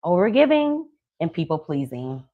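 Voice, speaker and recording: Love coach woman, low voice, dry. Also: moderate pace, no echo, phone-quality sound. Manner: animated storytelling, acts out quoted people; slangy, conversational. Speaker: love coach and podcast host. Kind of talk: casual podcast chat.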